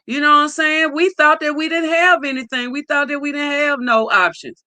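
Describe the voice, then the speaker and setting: Brief: woman host, bright, unhurried delivery, dry close mic, warm shout-outs to chat. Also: sits high, fairly even intonation, dry recording. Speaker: livestream host. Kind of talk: casual livestream greeting viewers.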